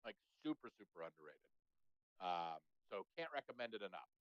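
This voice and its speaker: A man's voice: sits low, sing-song, moderate pace, a bit bright, no echo. Profane rambling man on a lo-fi mic. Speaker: podcast co-host. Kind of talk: casual sports chat. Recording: dull, lo-fi sound.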